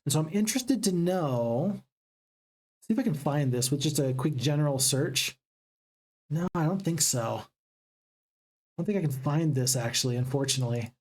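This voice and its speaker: Chatty husky-voiced let's-play host. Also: medium pitch, lively intonation, normal speed, long pauses, a little mellow. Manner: chatty, upbeat, addresses viewers as folks. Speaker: gaming channel host. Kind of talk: casual let's-play commentary.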